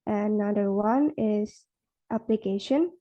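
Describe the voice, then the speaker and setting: A young Indonesian-accented woman presenting on word stress for a class, slowing down to model stressed words. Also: mid-range voice. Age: young adult. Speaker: student presenter. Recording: muffled lo-fi recording.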